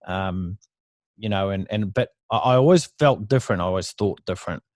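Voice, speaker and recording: An Australian man in his thirties, a podcast guest, tells stories from his past in a blunt, profane, casual way, laughing often during the interview. His voice is low-pitched with a darkish tone, a little fast, on a dry recording.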